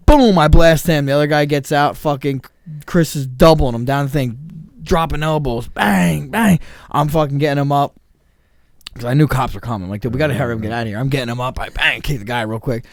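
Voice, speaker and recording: A man's voice: mid-range voice, no echo, studio quality. A man, co-hosting a podcast and telling a story in casual, profane chat, acting out the quotes. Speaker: podcast co-host.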